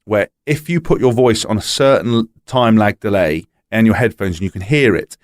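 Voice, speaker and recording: A man's voice: lowish voice, moderate pace, no room sound. A man telling stories in casual podcast chat, swearing freely and acting out quotes. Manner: animated storyteller, swears freely, acts out quotes. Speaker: podcast guest telling anecdotes.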